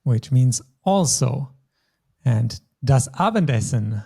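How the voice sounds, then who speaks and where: A man's voice: mid-range voice, lively intonation, slow, gravelly, warm tone, husky. A man teaching a German lesson, explaining grammar patiently step by step. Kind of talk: language lesson.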